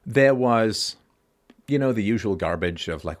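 Man, low voice, emphatic call-in host, repeats points for stress. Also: expressive, a little slow. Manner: briefly acts out other people's reactions in mocking voices. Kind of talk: philosophical monologue to a caller.

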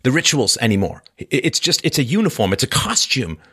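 A man hosting a casual literary discussion, rambling and animated, with frequent restarts and fillers. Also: medium pitch, a little fast, husky. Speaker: podcast host.

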